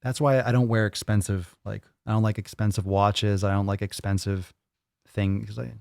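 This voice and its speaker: Man, fitness podcast host, crude joking banter, somewhat low voice, dry close sound. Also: little pitch movement, normal speed, creaky, a little mellow, clean tone, no room sound. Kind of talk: live Q&A chat reading viewer comments. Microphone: studio microphone.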